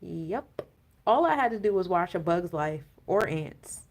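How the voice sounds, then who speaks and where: A woman's voice: lowish voice, animated, a little slow. A woman giving a casual, rambling astrology and tarot talk, full of fillers and laughing rants. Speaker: spiritual coach and tarot reader.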